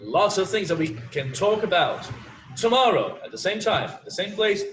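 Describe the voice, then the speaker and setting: A man's voice: high-pitched, very animated, moderate pace, fairly bright tone, a little hiss or hum. Chatty male English teacher, echoey room. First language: Portuguese. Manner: chatty, uses "like" and "you know" often. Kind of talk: online English class. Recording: echoey room with faint ambience.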